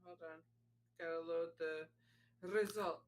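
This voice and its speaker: A woman's voice: fairly low pitch, steady tone, slow, a little hiss or hum. A woman in a casual chat with friends, easygoing with short replies. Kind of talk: casual group chat while gaming.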